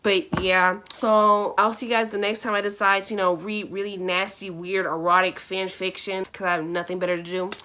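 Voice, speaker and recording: A young woman on YouTube reading fan fiction aloud, breaking off into blunt, sarcastic asides and sudden loud outbursts. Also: mid-range voice, level tone, normal speed, few pauses, slight background noise.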